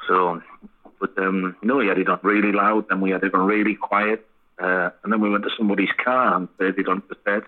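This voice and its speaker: Husky man on a phone line. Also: sits low, flat delivery, fairly quick. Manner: swearing, laughing anecdotes. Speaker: band frontman guest. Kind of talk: casual storytelling interview.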